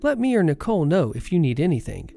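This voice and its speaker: A man reading a story aloud, voicing a calm but firm woman nurse. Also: a little high, fast talker, vocal fry, soft background music.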